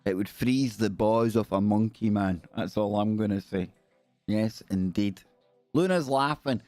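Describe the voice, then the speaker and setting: A man's voice: fairly low pitch, measured pace, warm tone, dry recording, soft background music. Chatty Scottish man hosting a stream. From Scotland. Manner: chatty, jokey, rambling. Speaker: live-stream host. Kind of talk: casual live-stream chat.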